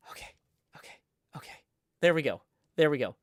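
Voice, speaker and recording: A man's voice: a little high, big pitch swings, unhurried, no echo, clean studio sound. A man chatting casually on a livestream, rambling and playful with lots of restarts. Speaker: livestreaming gamer.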